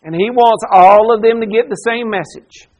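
A male pastor preaching an expository sermon, emphatic and given to repetition, swinging between hushed and loud. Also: high-pitched, moderate pace, poor audio.

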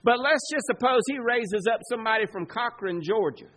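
High-voiced preacher. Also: male voice, normal speed, rough recording. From Southern United States. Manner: animated preaching, swings between loud emphasis and quiet asides. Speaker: pastor. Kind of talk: sermon.

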